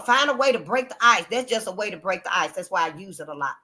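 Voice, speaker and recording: A woman's voice: medium pitch, fast, few pauses, pushed and bright. A woman hosting her own channel, talking casually and frankly to her viewers, calling them honey and y'all. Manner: frank, earthy and emphatic, calls listeners honey and y'all. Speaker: channel host.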